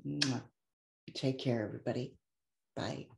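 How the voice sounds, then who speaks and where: A woman's voice: extremely low pitch, steady tone, a little slow, gravelly, roomy sound, noisy background. A woman life coach giving an effusive, heartfelt motivational talk to an online audience. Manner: effusive and heartfelt, gets emotional.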